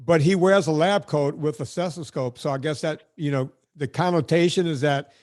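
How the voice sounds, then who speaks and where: A man's voice: fairly high pitch, moderate pace, darkish tone. A man hosting a podcast, ranting bluntly and sarcastically in casual chat. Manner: blunt, sarcastic, emphatic rants. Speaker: podcast host.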